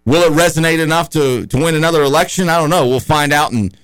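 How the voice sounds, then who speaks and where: A man's voice: on the high side, quick pace, a bit bright, clear, resonant tone, dry recording. A man hosting a radio talk show, talking in an opinionated, conversational and rambling way in a studio.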